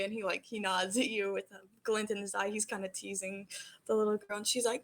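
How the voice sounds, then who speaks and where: A woman's voice: medium pitch, little pitch movement, normal speed, fairly bright tone. A woman running a tabletop game as game master, narrating casually with lots of fillers.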